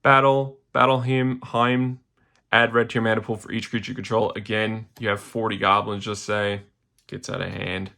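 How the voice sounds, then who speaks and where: A man's voice: lowish voice, little pitch movement, normal speed, vocal fry, sharp tone. A young man casually walking through his card game deck, loose and rambling, with slangy asides and fillers. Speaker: deck tech host.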